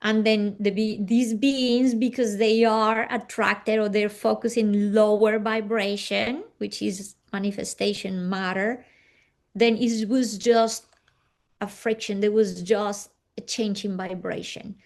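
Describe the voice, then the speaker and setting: A woman's voice: medium pitch, level tone, slow pace. A woman guest in an interview, earnestly telling a personal story with slightly non-native phrasing and acting out what others said. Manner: earnest, acting out quoted dialogue.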